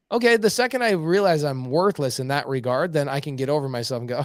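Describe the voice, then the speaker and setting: A middle-aged man telling blunt, animated stories as a podcast guest. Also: a little high, fairly quick, few pauses, no room sound, studio quality. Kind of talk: casual podcast conversation.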